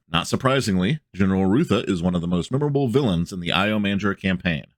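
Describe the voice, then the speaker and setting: A man with a very deep voice reads a gaming blog post aloud. He drifts between steady reading and offhand joking asides. The sound is dry and close, with no room echo. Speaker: tabletop gaming video host.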